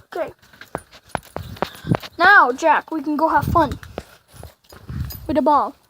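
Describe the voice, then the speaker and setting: A woman's voice: sits high, slow pace, background noise. A woman vlogging casually at home, playfully coaxing and chatting to her dog on a handheld camera.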